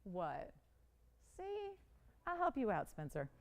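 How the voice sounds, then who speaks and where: A woman hosting a live TV jewelry auction, chatty and pleading, quick to laugh. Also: medium pitch, huge pitch swings, gravelly. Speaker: live shopping host. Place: TV studio.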